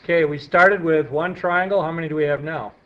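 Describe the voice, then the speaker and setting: In an echoey classroom, a male math teacher speaks fairly quickly in a higher-leaning voice with fairly even intonation. He works through steps on the board, questioning students as he goes, captured on a dull, slightly hissy lo-fi recording.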